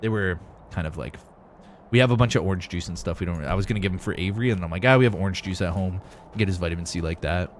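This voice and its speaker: A man's voice: low-pitched, quick pace, a little hiss or hum. A young man streaming a game, chatting loosely with viewers, swearing casually and laughing often. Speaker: gaming streamer. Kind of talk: live-stream gameplay chat, reading viewer messages.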